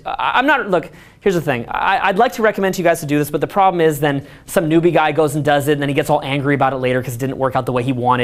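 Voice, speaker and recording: Energetic rambling man coaching a room. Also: a little high. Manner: energetic, rambling, heavy use of filler words. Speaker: seminar coach. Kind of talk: casual live seminar talk.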